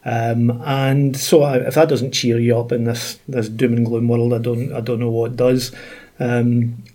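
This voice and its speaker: Man, Scottish accent, husky voice, casual podcast chat, golf expert co-host. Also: medium pitch, little pitch movement, a little slow, warm tone. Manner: chatty storyteller, many fillers.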